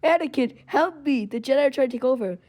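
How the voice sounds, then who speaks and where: A woman voicing an old male evil emperor who pleads in a high, whiny voice. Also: animated, fast talker, darkish tone. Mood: pleading.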